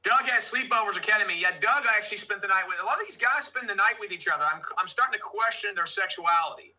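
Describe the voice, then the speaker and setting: Loud, joking man hosting a livestream. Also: high-pitched, fast talker, low-quality recording. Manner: loud, joking, mocking impressions. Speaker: livestream host. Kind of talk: casual livestream banter.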